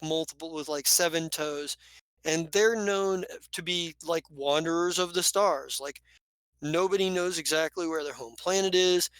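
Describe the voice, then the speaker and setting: A man's voice: on the high side, a bit bright, clean tone, dry recording, poor audio. A man narrating as game master of a tabletop game, rambling loosely with fillers.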